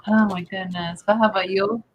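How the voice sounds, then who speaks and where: A woman from Wisconsin co-hosting a casual fish-keeping livestream, chatty and quick to laugh, reading out viewer names. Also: medium pitch, fairly even intonation, lo-fi sound, a little hiss or hum. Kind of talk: casual chat.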